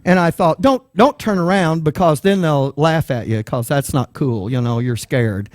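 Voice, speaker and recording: A preacher spins a personal story from the pulpit, animated and quick to act out the people in it. His voice sits a bit high for a man, and the sound is dry and close. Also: dry recording. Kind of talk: sermon storytelling.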